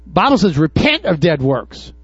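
A man preaching to his congregation in a high voice, tossing out questions and acting out Bible scenes. The sound is dry and a little dull. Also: sing-song, normal speed, slightly rough, dry recording. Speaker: pastor. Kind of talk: sermon. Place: church before a congregation.

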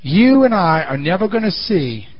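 A man preaching a sermon in an animated way, swinging between loud and quiet, on a muffled lo-fi recording. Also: high voice, moderate pace.

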